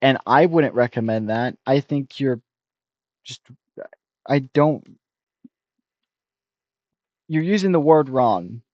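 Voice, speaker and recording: A man in his twenties streaming a blunt, rambling reaction, critical and quick to restart his sentences. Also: medium pitch, expressive, no room sound, muffled recording. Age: 20s. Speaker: streamer reacting to a review video. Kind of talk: casual rambling reaction commentary.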